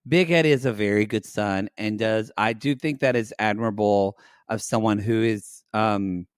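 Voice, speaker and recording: A man co-hosting a podcast, recapping a reality show in casual chat, agreeable and quick with interjections. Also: fairly low pitch, clear, resonant tone, dry recording, studio quality. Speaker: podcast co-host.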